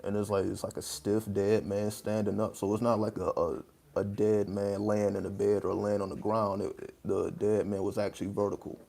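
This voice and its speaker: A man's voice: on the low side, flat delivery, normal speed, vocal fry, few pauses, mellow. A man hosting a casual livestream, talking in a loose, rambling way with lots of fillers and laughing between points. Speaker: livestream host.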